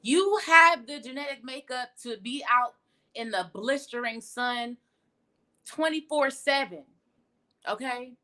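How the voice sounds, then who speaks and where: A woman's voice: high-pitched, lively intonation, slow, pushed and bright. A young woman giving a casual tarot reading on a livestream, blunt and profane as she talks. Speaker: tarot reader. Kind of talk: casual spiritual livestream talk.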